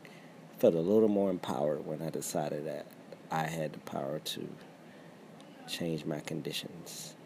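Deep gravelly man, blunt casual talk. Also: steady tone, a little slow, pauses often, background noise. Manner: blunt, swears freely, laughs often. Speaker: podcast co-host. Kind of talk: casual chat.

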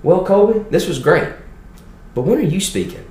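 A man's voice: high-pitched, animated, normal speed, a little mellow, pitched above the performer's own voice. A man voicing a folksy, encouraging older male school dean with a drawling, emphatic way of talking. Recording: roomy echo.

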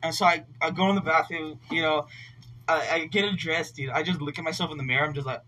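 A man's voice: on the high side, fairly even intonation, fast, sharp tone, a little hiss or hum. A young man telling a long story in casual chat, rambling and swearing with constant filler words. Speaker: podcast co-host telling a story. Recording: voice somewhat distant from mic.

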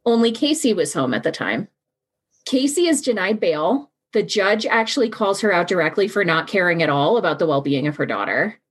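A woman's voice: lowish voice, lively intonation, moderate pace, slightly rough. Outspoken woman telling a crime story. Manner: casual, outspoken, swears, recounts events with quoted voices. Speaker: podcast host. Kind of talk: true crime podcast storytelling.

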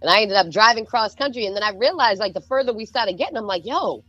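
Woman with a Boston accent, a DJ guest, animated and profane, middle pitch, slightly muffled dry recording. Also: fast talker, no room sound. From Boston North Shore. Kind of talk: casual podcast chat.

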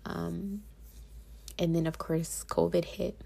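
Soft-spoken woman with a gravelly, husky voice. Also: lowish voice, level tone, takes it slowly. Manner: soft-spoken, slipping into whispers. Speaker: vlogger. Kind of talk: personal storytelling vlog.

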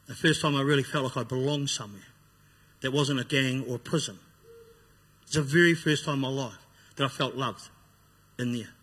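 A man's voice: mid-range voice, fairly bright tone, husky. A man telling his personal testimony, blunt and raw, acting out what he once said. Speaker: speaker giving a personal testimony. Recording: long hall reverb.

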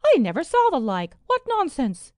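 A woman voicing a vain, scheming old duchess in a fairy tale, shrill and indignant. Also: sing-song, slow pace, a little mellow, smooth, dry recording, clean studio sound. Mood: haughty.

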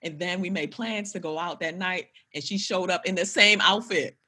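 A woman comedian chatting as a podcast guest, telling stories in an animated, profane way with big laughs. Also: lowish voice, normal speed, husky. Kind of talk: casual podcast chat.

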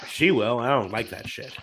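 A man's voice: medium pitch, a little hiss or hum. Rambling man hosting a podcast. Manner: relaxed, rambling with many fillers. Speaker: podcast host. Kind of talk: casual podcast chat.

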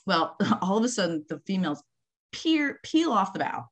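A middle-aged woman who researches marine mammals, telling field stories in a casual, animated way, laughing often and acting out quotes. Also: mid-range voice, normal speed. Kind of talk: casual conversational storytelling.

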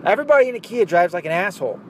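A combative, foul-mouthed older Scottish dad, as a man puts him on. The voice sits high and fires fast, with steady car noise underneath. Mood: ranting. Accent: attempted Scottish. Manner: swearing, ranting, combative. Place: inside a car.

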